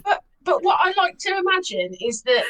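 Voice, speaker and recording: A woman chatting on a panel, reacting to a story in a slow, drawn-out way. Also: extremely high pitch, big pitch swings, pushed and bright, rough recording. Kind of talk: casual chat.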